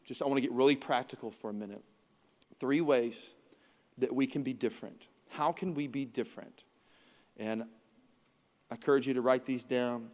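A man's voice: medium pitch, moderate pace, pauses often, darkish tone, long reverb tail. A man preaching as pastor, conversational and humorous, with self-deprecating jokes. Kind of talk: sermon.

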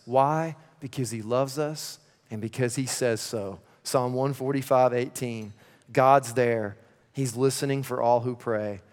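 A man in his thirties preaching a sermon as pastor, energetic and playful, dropping to a hushed, earnest tone at times. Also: medium pitch. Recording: reverberant church hall.

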